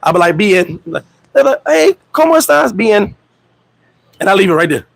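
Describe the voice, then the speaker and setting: A man holds a casual livestream chat, swinging his high voice wildly as he laughs and acts out quotes. He talks in profane, streetwise slang. The sound is dry and close. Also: expressive, a little fast, gravelly, a bit bright, no room sound, rough recording. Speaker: host. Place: Dominican Republic.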